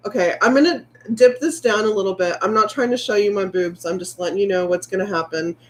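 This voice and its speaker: A woman in her late 30s, a vlogger with a mid-range voice, talks fast during a casual livestream, reading viewer comments and chatting candidly in a rambling, heartfelt way. A little hiss or hum is audible.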